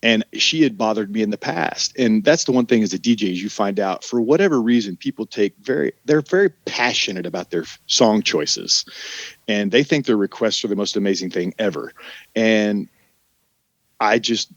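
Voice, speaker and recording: A man's voice: fairly low pitch, moderate pace, no room sound, highs cut off. A middle-aged man from Oklahoma, an actor guesting on a podcast, telling loose, profane stories and acting out the people in them. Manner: animated storyteller, acts out quoted voices, loose and profane. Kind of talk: casual storytelling chat.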